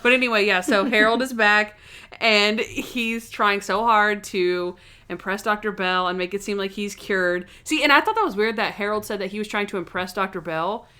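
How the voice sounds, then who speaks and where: A woman's voice: mid-range voice, moderate pace, sharp tone, clear, resonant tone. A woman co-hosting a podcast in casual chat, animatedly acting out scenes with quoted voices and frequent laughter. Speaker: podcast co-host. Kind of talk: casual chat recapping a TV episode.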